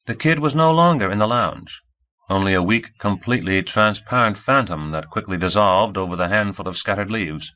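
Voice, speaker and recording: A man narrating an audiobook in a steady, even reading voice. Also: on the low side, moderate pace, rough recording. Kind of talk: scripted narration.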